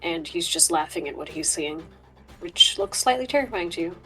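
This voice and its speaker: Woman game master, soft eerie narration. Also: lowish voice, expressive, moderate pace, soft background music, low-quality recording. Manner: drops to a whisper for eerie description.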